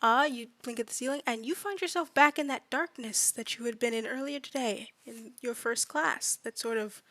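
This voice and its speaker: A woman's voice: a little high, normal speed, hardly any pauses, a bit bright, no room sound. A woman game master casually narrating a tabletop game, with many fillers in her descriptions.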